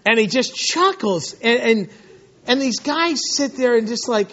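A male pastor preaching with a high, lively voice, slipping into little acted-out voices and laughing as he goes. The recording sounds dull and lo-fi, like an old church tape. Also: normal speed. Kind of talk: sermon.

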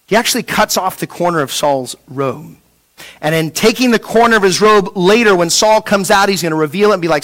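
A man preaching a sermon, asking rhetorical questions and repeating words as he restarts, dropping from a raised voice to a hush. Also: high-pitched, lively intonation, normal speed. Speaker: pastor.

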